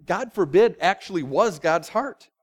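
Pastor guy preaching, slightly high voice, chatty and animated, lots of pauses and asides. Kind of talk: sermon.

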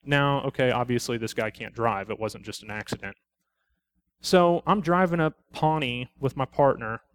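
A man's voice: medium pitch, normal speed, clean tone, dry recording. Blunt storytelling policeman at church. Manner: plain conversational storyteller who quotes the people he met; blunt, preachy conclusions. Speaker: police officer; lay speaker at a church study. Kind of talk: personal testimony in a church talk.

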